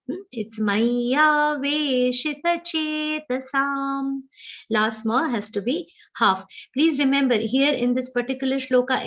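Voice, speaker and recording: A woman with an Indian English accent teaching verse pronunciation in an online class, chanting lines slowly and then explaining them. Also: on the high side, fairly bright tone, muffled recording. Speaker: recitation teacher. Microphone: video call.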